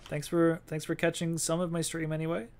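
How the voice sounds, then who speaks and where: A young man with a slightly high voice giving relaxed gameplay commentary. He rambles, thinks out loud and cracks dry jokes as he goes. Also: a little fast. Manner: rambling and joking, thinking aloud while playing. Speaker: game streamer.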